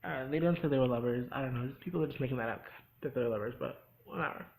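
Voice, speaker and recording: A man's voice: mid-range voice, rapid-fire, creaky, darkish tone, low-quality recording. A young man hosting a casual recap of a TV episode, chatty and full of sassy asides. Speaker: host.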